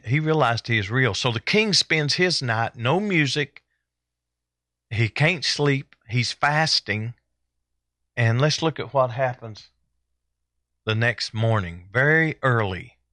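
A male preacher delivering a sermon at an unhurried pace. He leans on repetition to drive his points home. The recording is dry, with little room sound. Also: medium pitch, bright, forceful tone, dry recording. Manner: deliberate, repeats phrases for emphasis.

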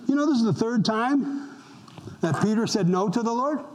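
A man's voice: very high voice, lively intonation, normal speed, low-quality recording. An older man, a pastor, preaching a conversational sermon and asking the congregation questions as he goes.

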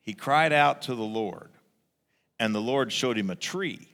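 A man preaching a sermon as pastor, animated, acting out a grumbling crowd in raised voices. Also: mid-range voice, a little slow, gravelly, in a large hall.

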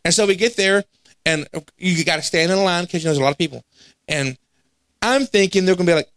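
Animated preacher with a higher voice. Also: male voice, fast talker, dry recording. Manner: animated, acts out quoted voices, laughs at himself. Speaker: pastor. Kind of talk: storytelling sermon. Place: church sanctuary.

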